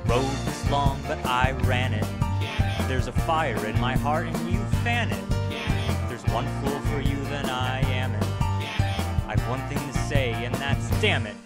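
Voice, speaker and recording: An earnest, clean-cut young man, played by a man in a home-made musical, speaking slowly and awkwardly before crooning a love song. His voice sits at an ordinary male pitch over loud backing music. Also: natural voice. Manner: awkward hesitant proposal, then crooning. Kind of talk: amateur musical theatre, spoken and sung.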